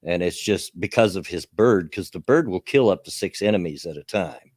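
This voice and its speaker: A Southern US man chatting casually on his stream, rambling and chuckling as he goes. His pitch swings lively up and down around a middling register. The sound is dry and close. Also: normal speed, dry recording. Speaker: streamer hosting a chat show. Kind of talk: casual chat.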